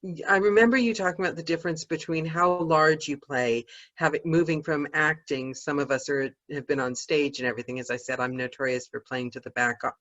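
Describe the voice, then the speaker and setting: A woman's voice: low-pitched, fairly even intonation, a little fast, hardly any pauses, fairly bright tone, dull audio. A woman hosting a podcast, asking questions in an eager, chatty way. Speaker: podcast host. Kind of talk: interview on a podcast.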